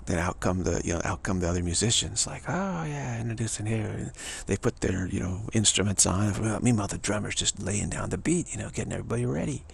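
A man addresses an audience at a fast clip with few pauses, his voice on the low side and gravelly. He rambles loosely, repeating himself and dropping into scat-like, drum-like asides, over slight background noise.

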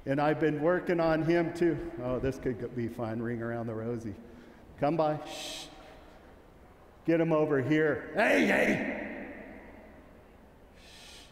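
Speaking a little slowly in a voice on the high side and a little mellow, a man leads a sheepdog clinic before an audience in a large arena. He rambles candidly with many restarts while giving commands to his working dog, and the audio is roomy with a long reverb tail.

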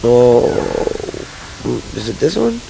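A man's voice: medium pitch, very animated, slow pace, vocal fry, dark tone, slight background noise, low-quality recording. A man commenting casually while playing a video game, frustrated and swearing a lot. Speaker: let's-play gamer.

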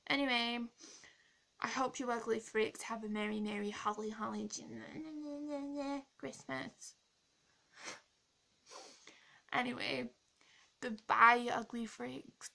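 A rude young woman who hates Christmas sneers at her viewers in a gravelly, fry-edged voice, played by a woman. She is sarcastic and mocking, a role-play character in a vlog. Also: a little high, steady tone, a little slow, bright, forceful tone, heavily acted. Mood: grumpy.

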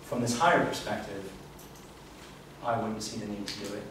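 A man's voice: on the low side, normal speed, fairly bright tone. Earnest man lecturing in an echoey room. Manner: earnest, reflective teaching tone. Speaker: spiritual workshop speaker. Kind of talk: live talk to an audience. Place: event room. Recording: echoey room, distant mic, faint hiss.

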